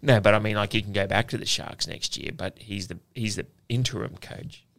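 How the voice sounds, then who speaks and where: A man's voice: on the low side, fairly even intonation, a little fast, gravelly, a bit bright, no echo. An Australian man co-hosting a casual podcast, confident and matter-of-fact with a teasing streak. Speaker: podcast co-host. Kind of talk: casual sports tipping chat.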